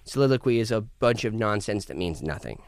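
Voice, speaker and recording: A man's voice: lowish voice, sing-song, brisk, dry recording. A man guesting on a podcast as a musician, talking in a rambling, profane, casual way with frequent restarts. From United States. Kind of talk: casual chat.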